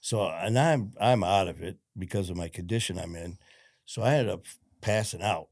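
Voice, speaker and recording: A man's voice: deep voice, normal speed, a little mellow, dry recording, clean studio sound. A man, a former cop and podcast guest, telling his story in a frank, rambling, profane way full of fillers. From Detroit, USA. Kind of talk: casual storytelling interview.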